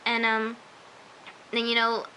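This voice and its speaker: Casual vlogger, female, bright, slightly high voice, chatty and emphatic, light hiss. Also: monotone, slow pace, poor audio. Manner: chatty, emphatic, often says "I'm just like". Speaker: TV episode reviewer. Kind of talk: casual recap vlog.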